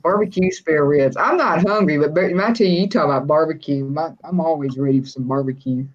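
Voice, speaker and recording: A woman from West Texas, speaking with that region's accent in a low, brisk voice, hosts a casual livestream chat. She's chatty and folksy and laughs a lot. The recording has its high frequencies cut off.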